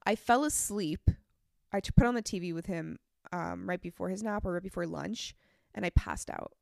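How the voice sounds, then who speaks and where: A young woman talks in a loose, rambling podcast style. Her voice sounds congested and has a gravelly fry. The sound is close and dry. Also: fairly low pitch, big pitch swings, normal speed, a little mellow, no room sound. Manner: chatty, rambling storytelling. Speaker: podcast co-host. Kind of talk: casual chat.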